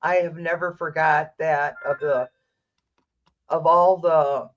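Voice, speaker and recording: A woman's voice: low voice, fairly even intonation, slow. A woman psychic hosting a tarot livestream, ranting bluntly and rambling with restarts. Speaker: psychic tarot reader, stream host. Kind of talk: casual livestream chat. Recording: dull lo-fi stream audio.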